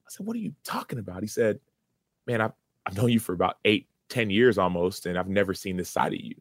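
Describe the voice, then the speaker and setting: A man's voice: sits low, a little fast, no room sound. A man in his thirties, a former football player, earnestly recounting a personal story in an interview, with many restarts.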